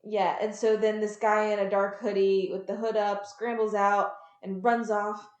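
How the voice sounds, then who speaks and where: A woman's voice: mid-range voice, normal speed. Chatty woman in an echoey room. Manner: chatty, animated, acts out quotes. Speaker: podcast co-host. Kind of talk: casual chat recapping a show.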